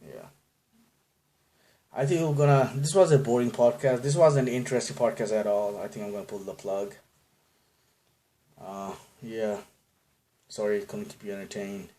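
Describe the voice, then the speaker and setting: A man's voice: fairly low pitch, fairly even intonation, moderate pace, pauses often, mellow. A man from Bangladesh hosting a casual solo podcast, rambling through tangents, self-deprecating, often laughing at his own jokes. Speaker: podcast host.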